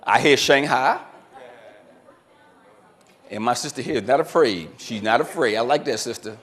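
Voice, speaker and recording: A man's voice: medium pitch, moderate pace, fairly bright tone. A man giving a motivational seminar talk as keynote speaker, quizzing the audience and repeating their answers back to them. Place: conference room with a live audience.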